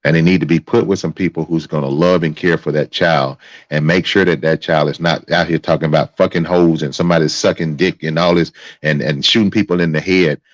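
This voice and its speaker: A man with an extremely low, deep voice delivers heated commentary as host of his own stream, cursing and circling back over his words. The sound is dry and a little dull, like a close, lo-fi mic. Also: steady tone, fairly quick, dry recording. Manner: angry, profane, repeats himself.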